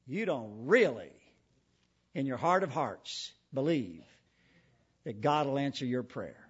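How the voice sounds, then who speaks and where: A man preaching a sermon emphatically, asking repeated rhetorical questions and swinging between loud and hushed delivery. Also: mid-range voice, very animated, slow pace, pauses often, husky, dull audio.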